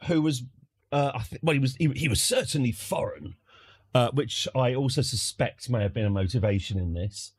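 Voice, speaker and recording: A man's voice: mid-range voice, lively intonation, moderate pace, slightly rough, dry recording. Rambling British man telling a story. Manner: rambling, wry, full of fillers and restarts. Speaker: streamer. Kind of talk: casual anecdote.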